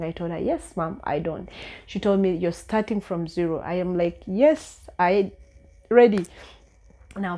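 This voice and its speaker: A woman's voice: on the low side, darkish tone. A young woman with a Ugandan English accent, earnestly telling a personal story in a vlog, with many fillers and repeated words. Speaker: vlogger.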